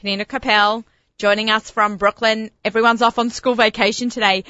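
A woman with an Australian accent hosting a radio talk show, chatty and enthusiastic with quick laughs. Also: fairly high pitch, little pitch movement, pushed and bright, no echo, dull audio. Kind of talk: casual radio interview. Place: radio studio.

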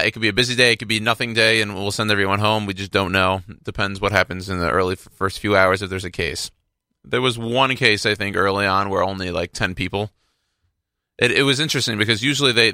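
A young man hosting a radio show, chatting casually into a studio microphone. His low voice has a gravelly edge and a bright, forceful tone. He rambles through his stories with frequent restarts, and the sound is dry and close. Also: no echo. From Texas.

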